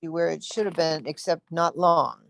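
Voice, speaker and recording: A woman's voice: low-pitched, measured pace, gravelly, no room sound. A woman in a class, asking questions and thinking aloud. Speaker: student.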